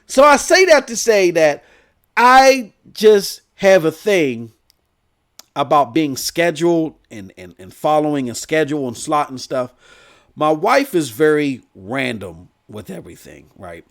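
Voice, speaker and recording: A man hosting a gaming news stream, telling a rambling story in a loud, animated way. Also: on the high side, unhurried. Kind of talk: casual storytelling rant.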